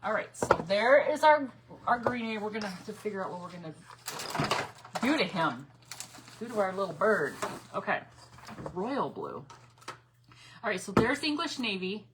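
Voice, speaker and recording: A woman's voice: mid-range voice, sing-song, normal speed, long pauses, very noisy. A woman chatting casually with viewers as she paints on a craft livestream, reading their comments aloud.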